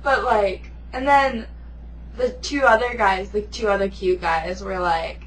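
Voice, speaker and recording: A woman's voice: medium pitch, fairly even intonation, unhurried, a little hiss or hum, rough recording. A teenage girl telling a story in giggly casual chat, jumping in to finish her friend's sentences.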